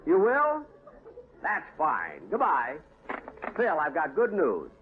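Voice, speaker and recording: An exasperated comedian with a fairly high, very animated voice and a dry, sarcastic delivery. The sound is thin and tinny like a vintage broadcast, with a studio audience and hiss clearly heard behind. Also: male voice, slow pace, a crowd in the background, exaggerated voice. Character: exasperated, wisecracking male comedian.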